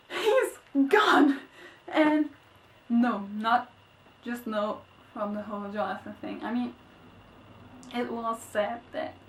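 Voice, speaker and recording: A young woman reviewing a book in a casual vlog, gushing and excitable, swinging between squeals and sad murmurs. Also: a little hiss or hum. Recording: echoey, distant, low-quality webcam audio.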